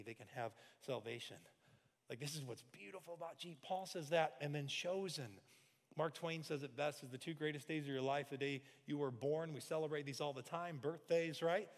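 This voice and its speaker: A pastor in his forties delivers a lively sermon with a slightly raised voice. He acts out little scenes and sometimes bursts into shouted lines. His voice rings with the long reverb of a large church hall. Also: a little high, a little fast. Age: 40s.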